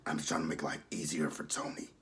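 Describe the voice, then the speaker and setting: A man voicing a gullible, lovestruck woman in a hushed, breathy, low voice. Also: little pitch movement, quick pace, heavily acted. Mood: sappy, dreamy.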